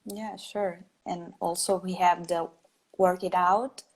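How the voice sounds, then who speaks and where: A woman host whose first language is Italian runs a live stream interview, reading viewer questions aloud. She speaks very slowly and haltingly, with a gravelly edge to her voice. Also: on the low side, little pitch movement, poor audio. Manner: slow, hesitant, reads questions aloud.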